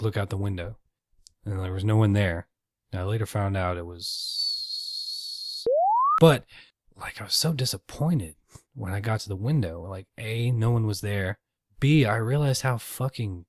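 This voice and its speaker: A man's voice: lowish voice, dry recording, studio quality. A man hosting a casual solo podcast, rambling and swearing freely with self-deprecating asides. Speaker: podcast host.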